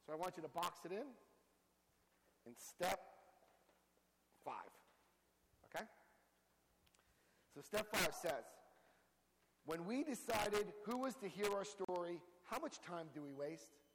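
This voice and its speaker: A man speaking to a recovery group, telling his own story with lively acted-out quotes. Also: high voice, slow, creaky, long pauses, long reverb tail, low-quality recording. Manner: storytelling, acts out quotes with big voice jumps. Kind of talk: animated personal talk to a group.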